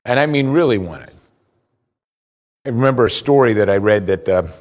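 A man preaching a sermon as pastor, asking the congregation rhetorical questions, his voice rising for emphasis and slowing down on key points. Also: expressive. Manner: rises in pitch for emphasis, slows for key points.

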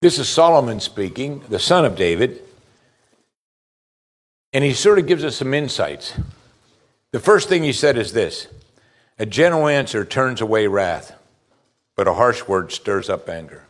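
A man's voice: medium pitch, big pitch swings, a little slow, long pauses. A middle-aged pastor preaching a sermon, reading scripture aloud and putting pointed questions to his listeners. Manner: asks the congregation pointed questions; reads scripture aloud between remarks.

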